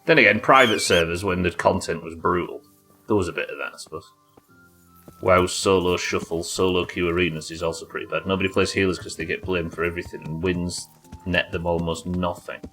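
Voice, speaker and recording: A man's voice: steady tone, a little fast, bright, forceful tone, faint music behind. A man streaming a game live, chatting casually and swearing, yelping in tense fights. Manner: casual, profane, jokey; yelps high in tense fights. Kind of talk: live gameplay commentary.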